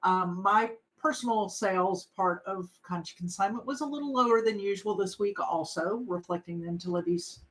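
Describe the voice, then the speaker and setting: A woman's voice: mid-range voice, moderate pace, hardly any pauses, poor audio. A middle-aged woman co-hosting a podcast, chatting casually and rambling with lots of fillers. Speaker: podcast co-host. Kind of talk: casual chat.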